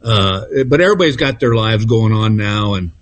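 A man from Texas in his sixties, a comedian guest telling stories in a relaxed, chuckling way, calling in by phone. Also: fairly low pitch. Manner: laid-back storyteller, chuckling, drawn-out pauses. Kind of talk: casual anecdote-telling. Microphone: phone call-in.

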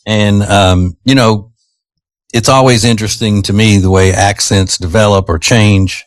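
A man's voice: fairly low pitch, fairly even intonation, unhurried, no echo. A man with an American Southern accent chatting on air as a radio host, rambling and easygoing with lots of fillers. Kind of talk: casual chat.

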